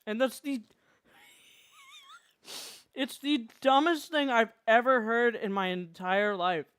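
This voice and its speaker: Animated laughing streamer, dry sound. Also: medium pitch, unhurried, long pauses, smooth, no echo. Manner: animated storyteller, laughs often. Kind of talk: casual chat while drawing on stream.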